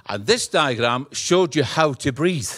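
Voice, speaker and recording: Speaking at a measured pace in a medium-pitched voice, this guest preacher from Scotland is a middle-aged man with a Scottish accent. His sermon is humorous, animated storytelling with acted-out dialogue, recorded at studio quality without echo.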